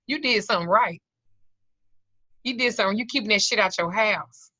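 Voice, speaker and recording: Woman, middle-aged, profane joking teacher, tense bright tone, muffled lo-fi video call. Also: mid-range voice, moderate pace, no room sound. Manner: profane, joking storyteller who acts out voices. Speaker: occult class teacher. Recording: dull lo-fi video call audio.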